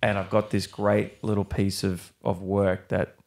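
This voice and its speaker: Speaking slowly in a low, gravelly, darkish voice with a level tone, a young actor rambles through a casual podcast interview. He restarts often and swears mildly now and then.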